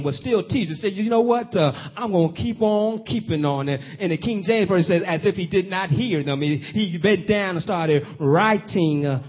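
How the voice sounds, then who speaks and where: A man's voice: sits high, breathy edge. A man preaching a sermon, telling the story and stretching out key phrases, often asking the congregation questions. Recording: dull lo-fi audio.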